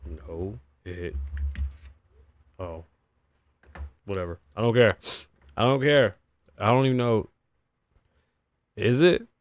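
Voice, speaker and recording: Taking it slowly and pausing often, a man with a lowish voice hosts his own livestream podcast in a loose, casual way. He addresses chat and himself, cursing often, his voice worn and shot.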